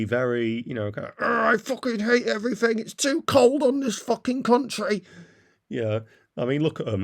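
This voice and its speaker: Bloke ranting in a voice-over, low-ish voice, sneering, lots of uhs. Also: male voice, a little mellow. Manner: blunt, derisive, frequent "uh" fillers. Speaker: political commentator. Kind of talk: opinion monologue voice-over.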